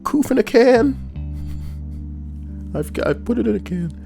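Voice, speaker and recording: A man voicing a frantic, shrieking quarantined person in a squealing comic falsetto. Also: expressive, unhurried, creaky, dark tone, soft background music, exaggerated voice. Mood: manic.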